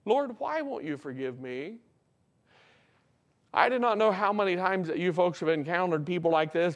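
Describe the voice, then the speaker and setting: Fervent preacher man, higher voice. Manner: rises to loud emphatic peaks then drops to quiet reflection; reads scripture slowly in old-fashioned wording. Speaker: pastor. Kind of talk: sermon. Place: church sanctuary.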